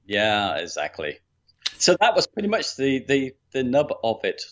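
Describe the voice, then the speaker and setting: A man's voice: medium pitch, huge pitch swings, normal speed, dull audio. A man co-hosting a podcast, chatting casually and thoughtfully, searching for his words. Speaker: podcast co-host.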